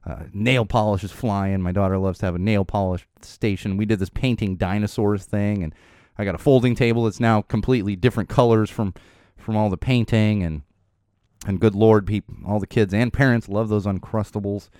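A man's voice: on the low side, steady tone, moderate pace, darkish tone, clean tone, no room sound, studio quality. A man in his thirties from the Los Angeles area hosting a podcast, talking in a rambling, casual way with lots of fillers, laughs and the odd swear word. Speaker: podcast host. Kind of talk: casual chat. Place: studio.

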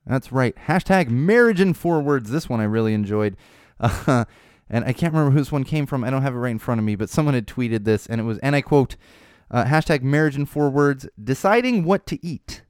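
Young male podcast host, casual wry monologue, smooth voice, dry close recording. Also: mid-range voice, a little fast, no room sound. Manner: rambling, wry, animated, swears casually.

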